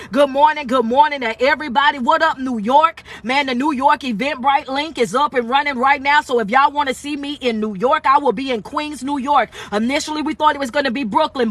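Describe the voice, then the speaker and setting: A man, a life coach, giving a live-streamed motivational talk in a preachy call-and-response manner, coaxing viewers and building to near-shouting emphasis. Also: very high-pitched. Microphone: phone livestream.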